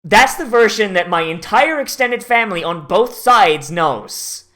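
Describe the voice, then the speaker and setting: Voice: mid-range voice, expressive, unhurried, sharp tone. Profane, rambling host. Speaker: anime watch-along host. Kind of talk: casual rambling commentary.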